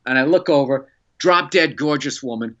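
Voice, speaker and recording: Bright-voiced man telling a story. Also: mid-range voice, lo-fi sound. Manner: animated, laughing, fast-paced anecdote telling. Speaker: stand-up comedian.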